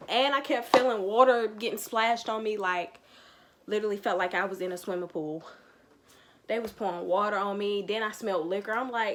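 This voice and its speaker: A young woman, telling a slangy, animated storytime with quoted asides in a casual vlog. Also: medium pitch, fairly quick. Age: young adult. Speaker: vlogger.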